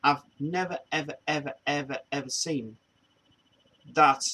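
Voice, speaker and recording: A man's voice: a little high, measured pace, sharp tone. A man hosting a casual chat show, rambling with many restarts and laughing often. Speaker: show host.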